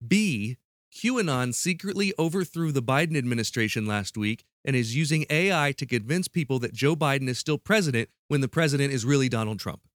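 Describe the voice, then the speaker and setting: Man, podcast host, playful quizmaster, mid pitch, dry studio sound. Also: expressive, fairly quick, no room sound. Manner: playful, restarts mid-sentence. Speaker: podcast host running a quiz. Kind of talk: casual podcast chat.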